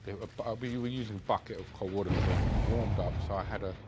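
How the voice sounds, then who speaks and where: Halting man, low voice. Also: fairly even intonation, heavy background noise. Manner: halting, many restarts, subdued and low-key. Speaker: interviewee recounting being held hostage. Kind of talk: reflective personal storytelling.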